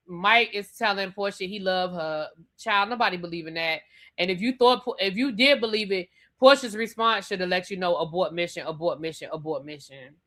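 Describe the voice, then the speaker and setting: Bright-voiced woman ranting casually. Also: medium pitch. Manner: chatty and sassy, repeats her points. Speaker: host reviewing a reality TV episode. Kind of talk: casual live rant reading viewer comments.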